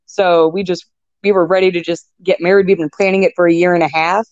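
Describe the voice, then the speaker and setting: A woman's voice: on the low side, flat delivery, quick pace, darkish tone, dry recording. A young adult woman in casual chat as a guest, rambling with fillers and restarts. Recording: dull lo-fi sound.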